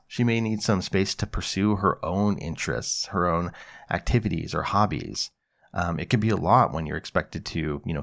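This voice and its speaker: A man hosting an advice podcast, calmly explaining and acting out example conversations. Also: sits low, creaky. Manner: calm, explanatory, acts out example dialogue. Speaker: podcast host, psychologist.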